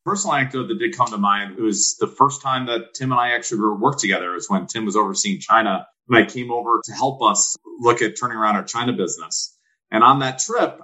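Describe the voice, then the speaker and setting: A man's voice: mid-range voice, bright, forceful tone, poor audio. A middle-aged man talking casually and earnestly, often stopping to reflect. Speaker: guest. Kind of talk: casual chat.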